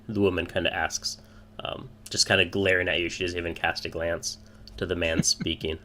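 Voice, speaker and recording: A man's voice: sits low, level tone, moderate pace, few pauses, bright, forceful tone, a little hiss or hum. A man narrating a tabletop game as game master, hesitant and full of filler words.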